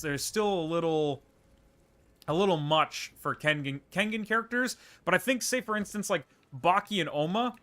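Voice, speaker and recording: A man's voice: fairly high pitch, bright, forceful tone. A man streaming a video game live, chatting casually, laughing often and answering viewer questions as he plays. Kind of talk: livestream gameplay commentary and chat replies.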